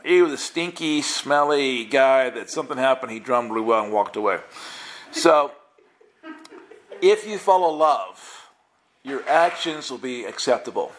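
A man with a mid-range voice, speaking a little slowly, shares a lighthearted story from his own life with a church gathering. He acts out his thoughts with animation and keeps chuckling.

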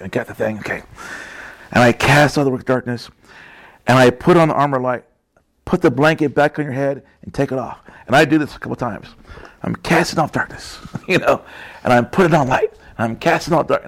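A man's voice: mid-range voice, vocal fry. A man preaching in a casual storytelling way, chatty and laughing often, with frequent tag questions.

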